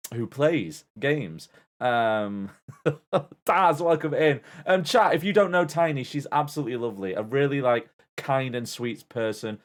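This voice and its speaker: A man chatting playfully on a game stream, greeting viewers and swearing freely. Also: mid-range voice. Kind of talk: casual gaming stream chat.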